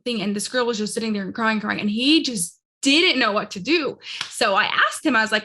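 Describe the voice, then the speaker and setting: A woman's voice: fairly high pitch, moderate pace, pushed and bright. A woman hosting a podcast interview, chatting casually and often filling her sentences with "like". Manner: chatty, fills speech with "like". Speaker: podcast host.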